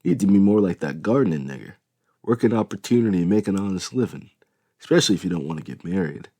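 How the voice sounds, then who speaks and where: A man's voice: low-pitched, animated, quick pace, warm tone, no room sound, clean studio sound. A man reading an audiobook, voicing a blunt, profane, domineering middle-aged father. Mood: angry.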